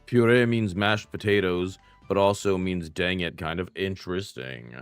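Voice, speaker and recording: Deep-voiced guy gabbing with chat while gaming, jokey and self-deprecating, light music underneath. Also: moderate pace, clean tone, no room sound. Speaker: streamer playing a retro game. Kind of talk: casual game-stream chat with viewers. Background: faint game music.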